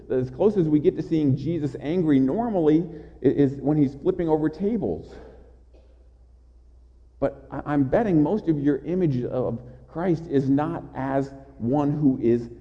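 A man preaching a sermon with passion, often stammering over his words as he builds up. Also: fairly high pitch. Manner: impassioned, with repeated stammered restarts. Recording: dull sound in a large reverberant hall.

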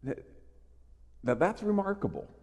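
A man preaching a sermon in an emphatic, animated way, often restarting his phrases. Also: sits high, unhurried, husky, long reverb tail. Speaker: pastor.

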